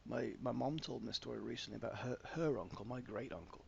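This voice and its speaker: A man's voice: medium pitch, fast talker, vocal fry, darkish tone, lo-fi sound, a little hiss or hum. A man, an author, talking frankly and self-deprecatingly in a casual podcast chat, with stammering restarts.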